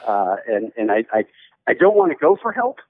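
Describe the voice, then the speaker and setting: A man who hosts a sports studio show, a guest chatting casually and joking with animated asides. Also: mid-range voice, brisk. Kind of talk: casual interview chat. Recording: tinny phone-like line.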